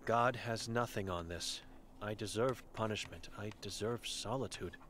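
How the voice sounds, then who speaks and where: A man's voice: on the low side, a little slow, a bit bright, a little hiss or hum. A man reading the chalkboard words of an old blind, mute woman in a game, in terse, broken phrases. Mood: grim.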